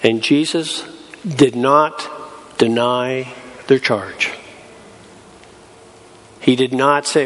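A man's voice: mid-range voice, very slow, long pauses, fairly bright tone. A man preaching a sermon, talking to the congregation in a conversational way and acting out scenes from the Bible in different voices. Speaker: pastor. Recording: long hall reverb.

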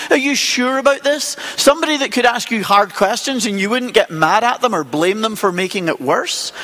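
A male preacher talks through his sermon conversationally, throwing out question after question. His voice sits high and moves in lively leaps, and a long reverb trails after it. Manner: conversational, asks many rhetorical questions.

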